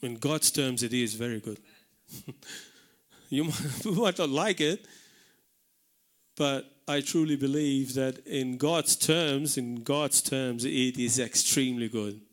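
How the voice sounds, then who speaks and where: A man from Malta with a Maltese accent, preaching an animated sermon in a church hall. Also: medium pitch, slow pace. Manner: animated preaching, shouting out acted warnings.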